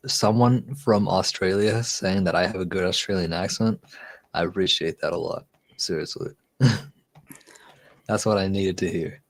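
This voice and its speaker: Low-voiced tipsy man chatting on stream. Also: fairly even intonation, unhurried. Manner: rambling, joking, laughs often. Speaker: livestream host. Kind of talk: casual chat.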